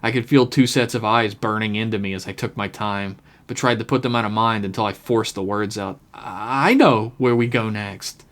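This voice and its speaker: A man narrating his own comic story on a podcast in a wry, deadpan manner. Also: fairly low pitch, a little fast, hardly any pauses.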